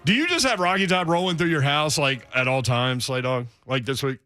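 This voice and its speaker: A man's voice: mid-range voice, brisk, sharp tone, no echo, clean studio sound, soft background music. A man hosting a sports radio show, upbeat and teasing while running the segments. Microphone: studio microphone.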